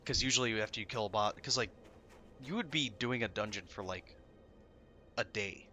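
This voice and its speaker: A man's voice: on the low side, normal speed, sharp tone, faint music behind. A man telling a story in casual chat, rambling with many fillers.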